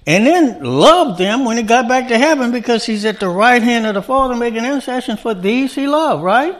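A man's voice: extremely high pitch, expressive, moderate pace, hardly any pauses, a bit bright. A man preaching a sermon in a conversational style, often asking his listeners rhetorical questions.

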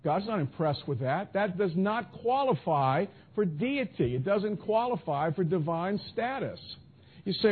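A man's voice: high-pitched, lively intonation, unhurried, husky. A man preaching a sermon in an emphatic style, asking rhetorical questions and answering imagined objections. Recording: tinny phone-like audio.

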